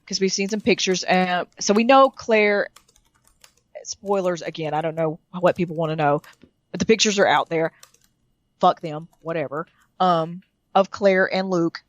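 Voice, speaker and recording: A woman co-hosts a podcast while getting over a cold, so her voice sits lower than normal. She rambles, stacks restarts and laughs between thoughts. The recording is dry and close, with a slightly dull, muffled top end. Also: steady tone, measured pace, no echo. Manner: rambling, self-interrupting, laughing. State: sick, voice deeper than usual. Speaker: podcast co-host. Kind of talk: casual chat.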